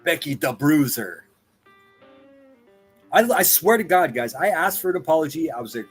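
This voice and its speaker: A man hosting a livestream, reacting to clips with profane mockery, jumping from loud outbursts to muttered asides. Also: on the high side, sing-song, normal speed, breathy edge, soft background music. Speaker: livestream commentator.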